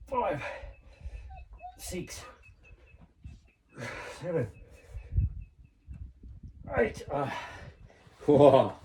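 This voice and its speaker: Counting reps outdoors, a fifty-something man chats encouragingly through his workout routine for his vlog. He speaks at a medium pitch, and the poor recording carries a little hiss or hum.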